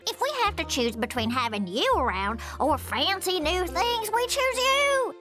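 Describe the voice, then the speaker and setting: An earnest cartoon child, very high, bright, lively. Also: female voice, a little slow, faint music behind, exaggerated voice. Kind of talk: cartoon voice acting.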